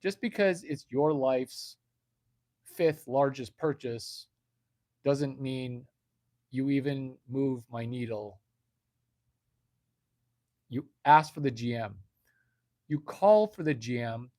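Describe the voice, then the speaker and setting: A man's voice: mid-range voice, slow, long pauses, a little mellow, dry recording, studio quality. A man hosting a comedic livestream, ranting in a brash, profane way and reading chat messages aloud. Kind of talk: unscripted comedic rant.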